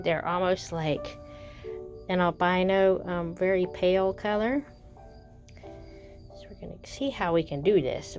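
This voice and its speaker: A woman's voice: fairly low pitch, vocal fry, a little mellow. A woman chatting casually in a show-and-tell vlog, gushing and rambling with fillers and self-corrections. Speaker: doll collector vlogger.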